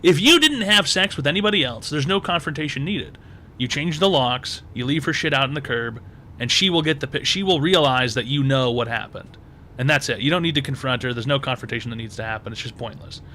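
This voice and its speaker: A man's voice: mid-range voice, brisk, bright, forceful tone, slight background noise. A man hosting a call-in advice show, blunt and crude, hammering points home by repeating himself.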